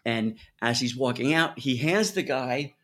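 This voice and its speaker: A man's voice: medium pitch, expressive, a little slow, fairly bright tone. A man from New Jersey with a New York–New Jersey accent, telling a story in casual chat and swearing freely.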